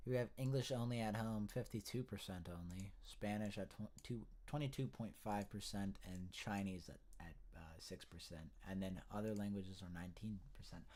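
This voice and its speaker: Low-voiced man ranting about the news. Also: moderate pace, hardly any pauses, a little mellow. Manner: rambling, profane, frequent restarts. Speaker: political commentator. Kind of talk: casual news commentary rant.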